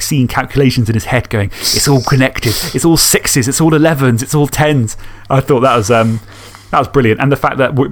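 A man hosting a podcast, reading fan stories and chatting enthusiastically, swearing casually. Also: mid-range voice. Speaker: podcast host.

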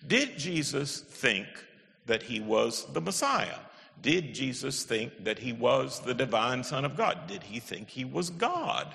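A man's voice: mid-range voice, vocal fry, pushed and bright. A man giving an emphatic lecture, with wry asides and stressed key words. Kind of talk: animated lecture on the Bible. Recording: echoey hall with long reverb.

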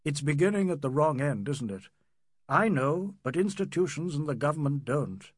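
A male narrator voices a composed Englishman in an audiobook, speaking in an understated, measured way. The voice is husky and sits a little high, and it is recorded dry and close. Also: lively intonation, no echo. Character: composed middle-aged Englishman, reserved and fair.

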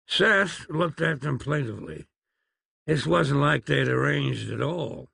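Gravelly man narrating a story. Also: mid-range voice, lively intonation, slow pace, sharp tone, no echo. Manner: dry, wry storytelling. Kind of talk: audiobook narration.

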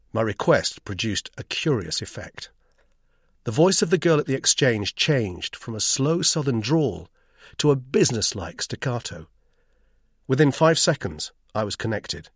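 Male audiobook narrator, gravelly, very varied pitch. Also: dry recording, studio quality. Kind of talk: scripted narration.

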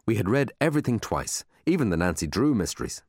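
A man narrating a children's book aloud in a lively, expressive storytelling manner, close to the mic. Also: fairly low pitch, fast, no room sound. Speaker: audiobook narrator.

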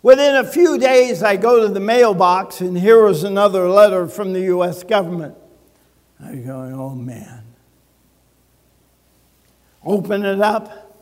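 An older man pastor delivering a sermon, telling a personal story with humor and dramatic pauses. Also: high-pitched, long reverb tail.

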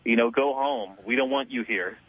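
A man's voice: mid-range voice, moderate pace, husky, no room sound. A man from Los Angeles calling in to a radio show, talking bluntly and rambling with lots of fillers and restarts. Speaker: caller. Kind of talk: call-in talk radio. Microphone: telephone. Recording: tinny phone line.

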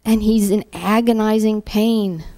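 Very slow, halting woman giving testimony. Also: medium pitch, fairly even intonation. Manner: halting, emotional, with repeated words and hushed moments. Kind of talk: emotional spoken testimony.

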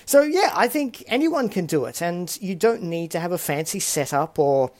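A man's voice: sits high, expressive, normal speed. A man hosting a casual solo podcast, talking in a chatty, self-deprecating way full of rambling asides. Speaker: podcast host.

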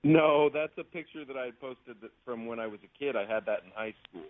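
A man's voice: medium pitch, brisk. A man calling into a radio show as a guest actor, chatting casually and laughing easily. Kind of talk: casual phone interview. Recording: tinny phone line.

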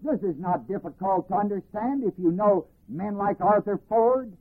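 A man teaching a Bible class, reading verses and explaining them deliberately, phrase by phrase. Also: high voice, expressive, slightly rough. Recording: tinny archival phone-band recording.

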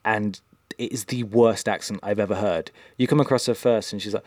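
Man, podcast co-host, low voice, dry sound, rambling, lots of um and uh. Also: steady tone, brisk, a little mellow, dry recording. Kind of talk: casual chat.

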